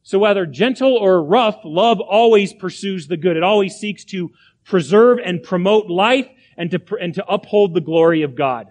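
A man with a high voice delivers a sermon as pastor. He preaches emphatically, repeating phrases and firing rhetorical questions at the congregation. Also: moderate pace, a little mellow.

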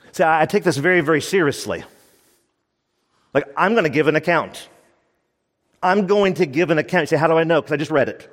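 Male pastor mid-sermon, middle pitch, emphatic and repetitive, long echoing reverb. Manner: emphatic, repeats key lines for stress.

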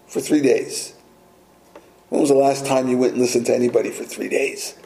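A man's voice: medium pitch, level tone, moderate pace, dark tone, slight background noise. A man preaching a sermon in a conversational way, often asking the listeners questions. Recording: echoey room.

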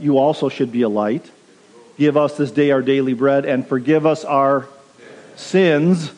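A man's voice: on the high side, a little mellow. A pastor preaching a sermon, earnest and direct, urging his listeners plainly. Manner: earnest, direct exhortation with quoted asides. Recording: long reverb of a large hall.

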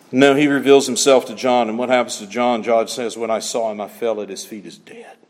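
A man preaching a sermon, swinging between loud emphatic lines and hushed asides. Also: mid-range voice, steady tone, brisk, hardly any pauses, big-room sound.

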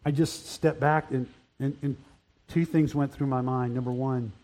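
An older man preaching a sermon, earnest, rising to loud emphatic peaks. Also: mid-range voice, steady tone, normal speed. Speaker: pastor. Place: church hall.

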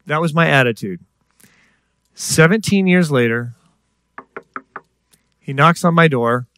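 A man's voice: a little high, slow pace, long pauses, a bit bright, a little hiss or hum. A middle-aged man preaching a sermon in a conversational way, with asides and rhetorical questions to the congregation. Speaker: pastor.

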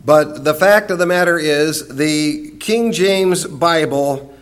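High-voiced man teaching a Bible class. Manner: emphatic, explanatory, slows to stress single words.

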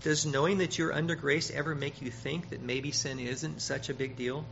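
Brief: male preacher, bright slightly high voice, emphatic sermon delivery, dull lo-fi recording with faint hiss. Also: steady tone, normal speed, vocal fry. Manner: emphatic, rises loud on quoted scripture, repeats words.

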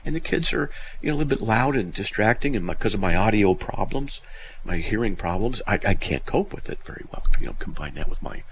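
A man's voice: low-pitched, fairly bright tone, a little hiss or hum. A middle-aged man hosting a call-in radio show, chatty and rambling with many fillers and restarts.

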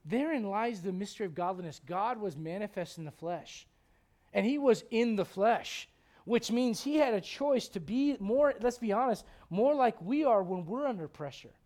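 A man preaching a sermon as pastor, swinging from hushed passages to loud, near-shouting ones and firing off rapid rhetorical questions. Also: high-pitched, animated.

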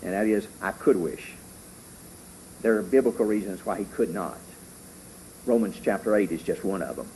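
A middle-aged man preaching a sermon as pastor, fervent and rising loud when he reads scripture. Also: deep voice, moderate pace, pauses often, a little hiss or hum, rough recording.

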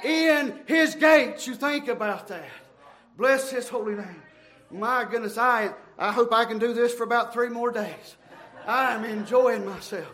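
Fervent high-voiced preacher. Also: male voice, measured pace. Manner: fervent, breathless, shouting in bursts. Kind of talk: sermon.

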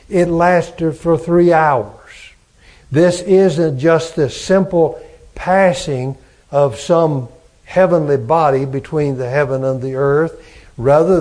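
A man preaching a sermon as pastor, slow and emphatic, building on repeated phrases. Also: on the high side, a little mellow.

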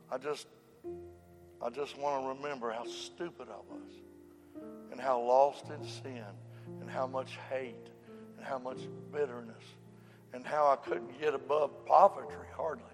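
Gravelly impassioned preacher man. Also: medium pitch, steady tone, a little slow, long pauses, big-room sound, faint music behind. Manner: impassioned, swinging from loud shouts to soft pleading. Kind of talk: revival sermon.

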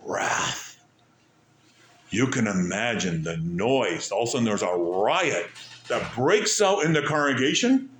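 A man preaching a sermon, asking rhetorical questions and stressing points with pauses and sudden drops in volume. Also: mid-range voice, big pitch swings, a little hiss or hum. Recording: echoey room.

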